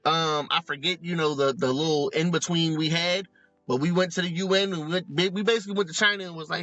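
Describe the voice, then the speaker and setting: A man co-hosting a comedy podcast, talking in an animated, profane, joking way. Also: fairly high pitch, fast talker, dull audio, soft background music. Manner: animated, profane, joking, does mock voices in asides. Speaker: podcast co-host. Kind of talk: casual comedic commentary. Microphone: remote recording, close mic.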